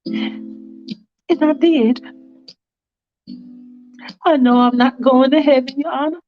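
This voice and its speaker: Woman playing a remorseful woman on trial, earnest, confessing, higher voice, dull recording. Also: takes it slowly, faint music behind.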